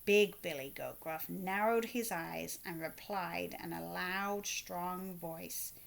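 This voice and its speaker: A woman reading a picture book aloud to children, expressive, with asides to her young listeners. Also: on the low side, gravelly. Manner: slow, expressive read-aloud with asides to kids. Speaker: children's story reader.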